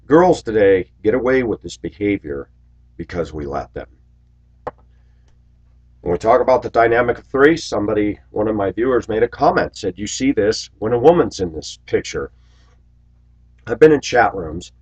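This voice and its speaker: A man in his forties telling stories in a rambling monologue to his viewers, raising his voice loudly when he acts out what people said. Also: on the low side, lively intonation, normal speed, pauses often, slightly rough, highs cut off. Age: 40s. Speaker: video blogger. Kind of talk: casual monologue to camera.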